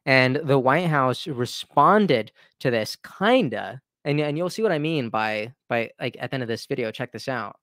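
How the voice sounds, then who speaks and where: A man's voice: medium pitch, lively intonation, moderate pace, few pauses, a bit bright, no room sound, clean studio sound. A man hosting his own commentary channel, talking in an opinionated, conversational way and restarting his sentences. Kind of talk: casual political commentary.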